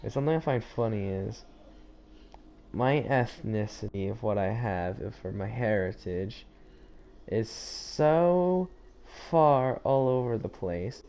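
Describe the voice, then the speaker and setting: American male gamer host, low, gravel-edged voice, loose rambling commentary. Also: animated, slow, warm tone. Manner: rambling, chatty, self-interrupting. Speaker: gaming channel host. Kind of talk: casual let's-play commentary. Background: game music.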